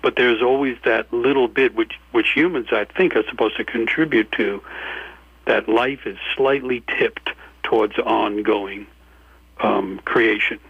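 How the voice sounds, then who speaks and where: New york guy, thoughtful and measured, dry close sound. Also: medium pitch, gravelly, breathy edge, no room sound, highs cut off. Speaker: guest author. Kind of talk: reflective interview talk.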